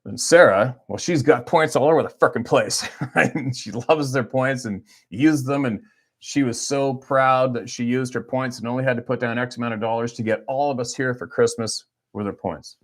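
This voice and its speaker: A man's voice: medium pitch, normal speed. A middle-aged man, talking off the cuff on a livestream, rambling and blunt and swearing freely. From Canada. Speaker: hunting guide and livestream host. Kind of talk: casual livestream chat.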